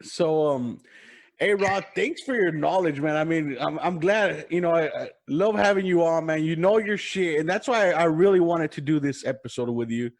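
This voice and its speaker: A man's voice: on the high side, normal speed. A man hosting a podcast, telling loose stories in casual chat and swearing freely. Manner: loose storytelling, swears freely, acts out crowd voices. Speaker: podcast host.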